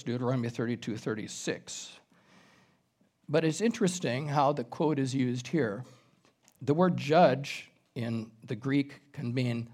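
A man preaching an expository sermon as a pastor, reading scripture aloud and explaining it verse by verse, now and then clearing his throat. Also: mid-range voice, a little mellow.

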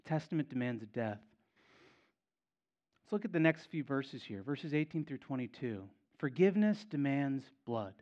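A man's voice: mid-range voice, lively intonation, normal speed, long pauses, darkish tone. Man, pastor, sermon, emphatic repetition, muffled lo-fi sound. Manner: emphatic, repeats key phrases for effect.

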